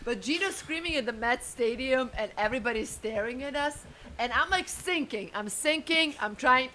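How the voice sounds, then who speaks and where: A woman's voice: sits high, animated, normal speed, bright, forceful tone, slight background noise. A woman in casual podcast chat, teasing and incredulous. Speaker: podcast guest.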